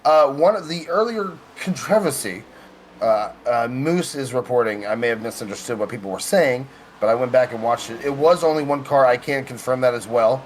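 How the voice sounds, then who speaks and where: A man's voice: mid-range voice, expressive, normal speed, slight background noise. A man calling play-by-play on a live sim racing broadcast, mixing race calls with wry joking asides.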